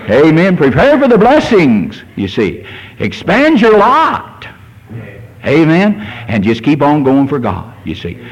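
A man's voice: a little high, wildly swooping pitch, takes it slowly, husky, muffled recording. A man in his sixties, a pastor preaching a fervent sermon and reading scripture aloud. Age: 60s.

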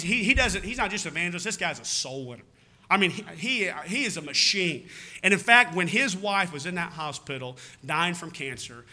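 A man's voice: fairly high pitch, pushed and bright. A man with a Southern American accent preaching a sermon in a folksy, rambling way, often calling out "amen?" to his church. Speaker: pastor.

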